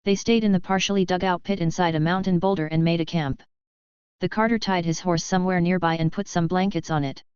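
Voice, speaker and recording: A woman narrating an audiobook with a steady, even reading style. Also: fairly low pitch, fairly quick, smooth, no echo, highs cut off. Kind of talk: scripted narration.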